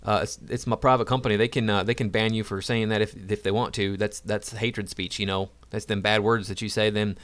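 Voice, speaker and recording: A sneering, drawling caricature with a thick put-on American Southern accent, voiced by a man who is mocking people he dislikes. He stumbles through his words with heavy fillers and repetitions. His voice sits fairly low. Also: fairly even intonation, a bit bright, smooth, no echo, close to an everyday voice. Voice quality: drawling, halting, full of fillers.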